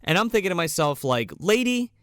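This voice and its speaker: A man's voice: medium pitch, animated, moderate pace, dry recording, clean studio sound. A man co-hosting a casual podcast, recapping a movie in a profane, mocking way. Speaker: podcast co-host.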